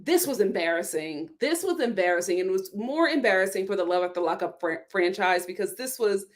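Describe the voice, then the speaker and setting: A woman hosting a casual vlog review, animated and sassy, often laughing. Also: medium pitch, fairly quick. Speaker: vlog host reviewing a reality show.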